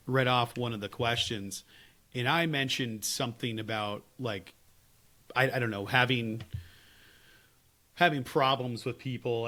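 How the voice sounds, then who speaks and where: A man co-hosting a podcast, telling stories in casual chat with lots of laughs and lively swings. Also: mid-range voice. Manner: animated, laughing storyteller. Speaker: podcast co-host.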